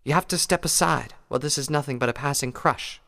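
A prim, genteel pony lady, as a male reader puts her on, fretting in dramatic phrases. Her voice sits well above his own and keeps a gravelly edge. The storybook reading rings with a long hall reverb. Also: medium pitch, brisk, bright, forceful tone, pitched above the performer's own voice. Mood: anxious. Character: refined fussy female pony, prim and worried. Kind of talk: fan fiction audiobook reading.

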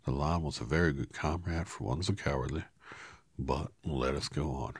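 A man voicing an earnest, friendly scarecrow, a little higher than his reading voice. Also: normal speed, breathy edge, no echo. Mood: sorry. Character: cheerful, earnest straw scarecrow, male.

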